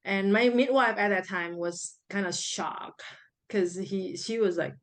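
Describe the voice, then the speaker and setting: A woman in her thirties talks as an interview guest. Her voice sits at an ordinary middle pitch. She rambles casually, often restarting her sentences and leaning on small fillers. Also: measured pace. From Indonesia. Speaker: guest sharing her birth story. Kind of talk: casual personal storytelling.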